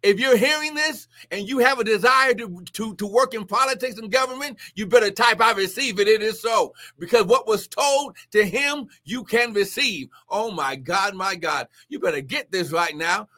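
A man preaching prophetically on a live stream, exclaiming often and swinging between shouts and hushed asides. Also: high voice, expressive, moderate pace, few pauses.

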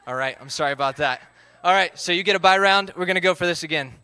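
A man's voice: high voice, quick pace, sharp tone, clean tone, dry recording. A man, leading a live group game, upbeat as he calls out counts and instructions.

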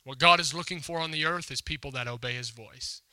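A man's voice: medium pitch, fairly quick, bright, forceful tone, no room sound. A man preaching a sermon as a pastor, telling a story in a conversational, emphatic way and acting out the quotes. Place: church hall before a congregation.

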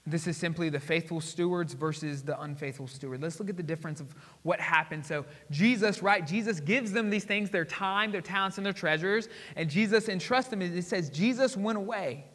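A male pastor preaches in a high, bright voice. He keeps asking the congregation questions and moves between loud emphasis and quiet asides. The sound carries a long reverb from the church hall. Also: a little fast, hardly any pauses. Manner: call-and-response questions to the congregation. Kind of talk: sermon. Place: church sanctuary.

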